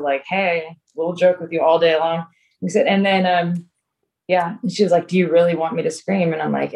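A woman with a slightly low voice tells a long story in a loose, casual way. She is full of "like" and "um" and often restarts her sentences. Her pace runs fast and slow by turns. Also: darkish tone. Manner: rambling storyteller, many fillers and restarts. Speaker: filmmaker guest. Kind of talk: casual interview chat.

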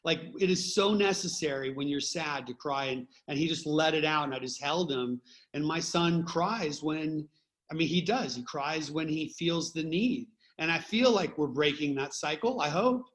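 Middle-aged man, a touch high-pitched; podcast co-host; reflective, candid storyteller. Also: normal speed, a bit bright. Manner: reflective, openly emotional storyteller. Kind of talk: casual conversation.

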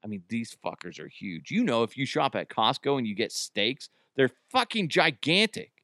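Laughing, cursing podcast host. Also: male voice, medium pitch, sing-song, normal speed, pushed and bright, dry recording, studio quality. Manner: joking, rambling, swears freely, laughs at own jokes. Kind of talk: casual solo podcast chat.

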